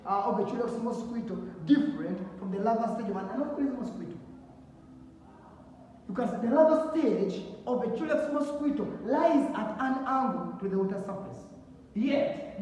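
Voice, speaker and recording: A man's voice: high-pitched, a little mellow, slight background noise. A male teacher, giving a classroom lesson and asking the class to finish his sentences. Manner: call-and-response questions, repeats key words. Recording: echoey room from far off.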